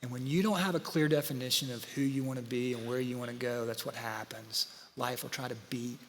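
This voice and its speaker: A man, preaching a sermon full of stories and speaking straight to his congregation in a lively, conversational way. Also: medium pitch, fairly quick, slight background noise. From Georgia, USA. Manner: animated, conversational, talks to the audience. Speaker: pastor. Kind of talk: sermon with storytelling. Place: church auditorium. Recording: live church hall with long reverb.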